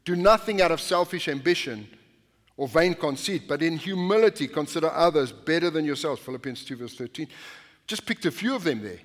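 A man's voice: fairly high pitch, expressive, a little fast, big-room sound. A male pastor preaching a sermon in a conversational, anecdotal way, often restarting his sentences. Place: church sanctuary.

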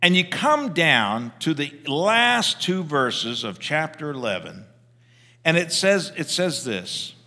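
A pastor preaching a sermon, telling stories in a loose conversational way with frequent restarts. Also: male voice, a little high, big pitch swings, slow pace, sharp tone, big-room sound. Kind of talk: sermon with storytelling.

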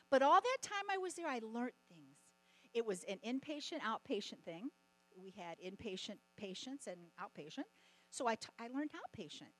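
A middle-aged woman giving a testimony sermon at a conference, telling stories in an animated way and often laughing. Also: a little high, poor audio. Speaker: conference speaker.

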